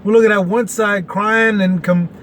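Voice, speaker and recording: A man close to fifty holds forth in a loose, rambling monologue, full of fillers and folksy asides. His voice sits fairly high for a man. Faint background noise hums under the recording. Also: steady tone, moderate pace, a bit bright. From Texas. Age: 40s. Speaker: podcast host. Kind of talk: casual opinion monologue.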